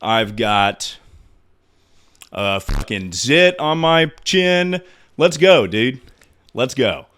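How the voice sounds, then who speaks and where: A young man in his twenties hosts a casual livestream while still out of breath. He is loud and excitable and swears freely. His pitch swings widely from line to line. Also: very slow, pauses often. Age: 20s. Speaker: streamer.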